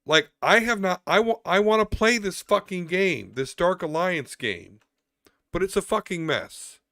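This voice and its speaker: A man's voice: high-pitched, expressive, measured pace, fairly bright tone, no echo, studio quality. A man co-hosting a podcast, ranting with a lot of swearing. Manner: profane ranting. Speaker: podcast co-host. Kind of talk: casual chat.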